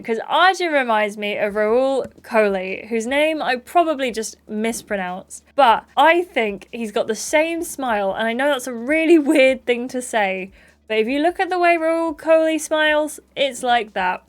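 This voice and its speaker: A woman playing a story game, reading it aloud with bubbly, gushing, excitable commentary. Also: on the high side, unhurried. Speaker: let's play gamer.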